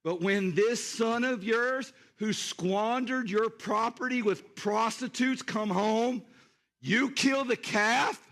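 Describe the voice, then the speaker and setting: A man playing a furious, shouting older brother. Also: extremely high pitch, full character voice. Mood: bitter. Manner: shouting, accusing, drawn-out emphasis. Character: resentful older brother, young man, bitter and indignant.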